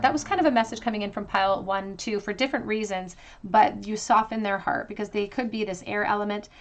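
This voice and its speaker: Gentle woman reading tarot cards. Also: medium pitch, slight background noise. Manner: gentle, reassuring, thinking aloud with ums. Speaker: tarot reader. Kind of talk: pick-a-card tarot reading to camera.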